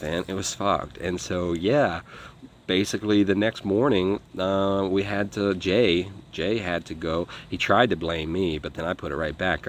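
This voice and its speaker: A man's voice: deep voice, slight background noise. A man telling a war story in a casual, profane, rambling way, acting out what others said. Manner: profane, rambling, acts out quotes. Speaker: former foreign legion volunteer.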